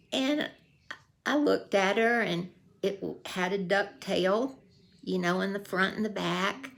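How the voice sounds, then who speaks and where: A woman's voice: mid-range voice, takes it slowly, gravelly, a bit bright. An older woman telling a folksy true story in a casual vlog, acting out the voices she quotes. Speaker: vlogger.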